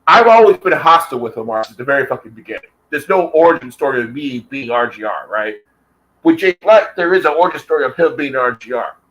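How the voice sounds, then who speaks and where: A man's voice: medium pitch, animated, quick pace, fairly bright tone, rough recording. A man ranting heatedly in a casual vlog, swearing constantly and repeating himself for emphasis. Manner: heated, profane, repetitive. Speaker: vlogger. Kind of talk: profane rant.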